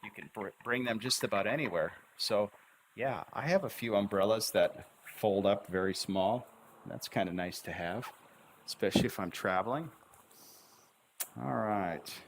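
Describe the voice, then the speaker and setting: A man's voice: on the low side, moderate pace, a little hiss or hum. A man teaching English pronunciation in a livestream, modelling phrases with exaggerated, bouncing intonation and repeating words syllable by syllable. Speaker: English tutor. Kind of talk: slow, drawn-out pronunciation lesson.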